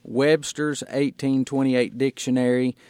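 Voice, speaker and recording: A man preaching as a pastor on a radio broadcast, slowing down to stress single words as he explains them. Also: medium pitch, little pitch movement, a little mellow, clean tone, no echo. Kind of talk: radio sermon.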